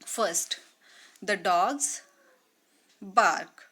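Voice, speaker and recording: A woman teaching a grammar lesson to young children, slow and deliberate, repeating words and mimicking animal sounds. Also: medium pitch, very animated, pushed and bright.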